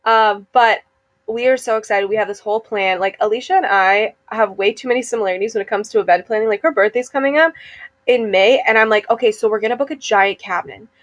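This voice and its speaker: A young woman co-hosting a podcast, chatty and quick to laugh. Her voice sits mid-pitch and sounds dry and close to the mic. She flows from one story to the next in easy casual chat. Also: no room sound. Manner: chatty, fast-flowing, laughs often. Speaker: podcast co-host.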